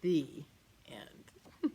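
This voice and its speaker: A woman teacher reading a picture book aloud to her class, expressive and playful, with asides to the children. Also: drawn-out words.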